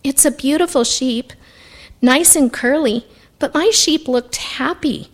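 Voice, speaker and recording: A woman voicing an eager, polite seven-year-old boy in a storybook reading, high and pleading. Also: a little slow. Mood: earnest.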